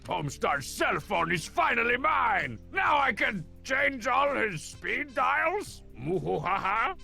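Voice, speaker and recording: An actor playing a boastful, scheming cartoon tough guy in a video game, with a gravelly, theatrical voice. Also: high-pitched, sing-song, normal speed, bright, forceful tone, soft background music, heavily acted. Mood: gleeful.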